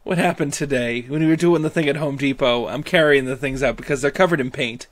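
A podcast co-host chats casually and jokes around, laughing often. His medium-pitched voice moves fairly quickly, with no room sound.

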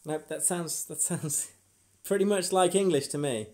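A young man hosting a casual livestream as a hypnotist, teasing and playful, giving slow, measured trance cues. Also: a little high, darkish tone. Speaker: stage hypnotist and stream host. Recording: roomy echoey room.

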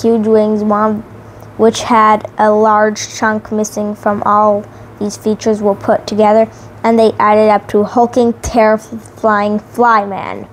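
Slow, careful woman reading a storybook aloud. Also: on the high side, a little hiss or hum. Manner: careful, with restarts on words. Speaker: reader. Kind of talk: reading a children's novelization aloud.

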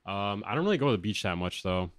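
A man with a lateral lisp chatting casually on a livestream from a home studio, loose and excitable and swearing often. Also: on the low side, quick pace. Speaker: music producer streamer.

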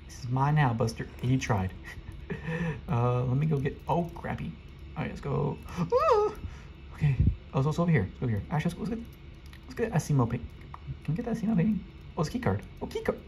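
A man giving excitable live gameplay commentary, talking to his viewers and rattling off rapid repeated urgings. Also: a little high, noisy background. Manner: chatty, addresses viewers directly. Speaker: gaming video creator.

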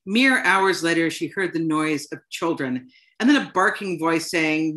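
A woman author reading her own short story aloud to an audience, in a plain, unhurried storytelling manner. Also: low-pitched. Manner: unhurried, plain storytelling delivery with soft "um" fillers.

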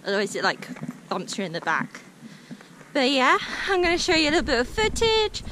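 A young woman chatting casually in a vlog, bubbly and quick to laugh, recorded outdoors in the snow on an action camera. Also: high voice, wildly swooping pitch, pushed and bright. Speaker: vlogger. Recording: noisy outdoor camera audio.

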